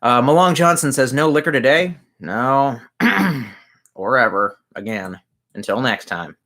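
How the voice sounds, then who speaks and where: A man's voice: mid-range voice, lively intonation, unhurried, a bit bright. A man streaming from his messy room at home, chatting casually as he reads out viewer comments, rambling and swearing and muttering asides. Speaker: livestreamer reading chat comments. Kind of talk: casual livestream chat.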